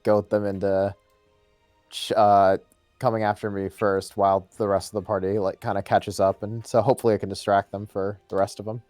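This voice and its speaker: A man taking his turn in an online tabletop game, speaking slowly with a warm, mellow tone. His voice sounds close and dry, with plenty of ums and hesitations. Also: lowish voice, no echo. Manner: unhurried, hesitant, many ums. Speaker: player. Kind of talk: playing a tabletop game over voice chat.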